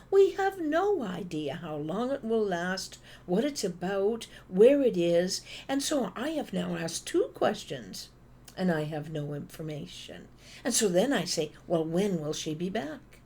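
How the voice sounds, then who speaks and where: A woman's voice: medium pitch, moderate pace, slight background noise. A middle-aged woman from Canada giving a motivational talk, telling stories with playful asides. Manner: animated storytelling with playful asides. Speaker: speaker.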